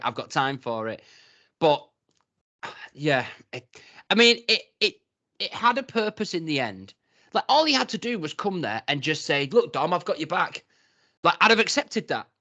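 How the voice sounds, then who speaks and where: Male co-host, rambling casual chat, bright edge, slightly high pitch. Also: normal speed. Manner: rambling, hesitant, quotes people in animated voices. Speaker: podcast co-host.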